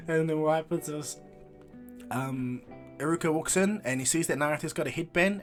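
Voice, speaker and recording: A man casually retelling a fan story, rambling with restarts. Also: a little high.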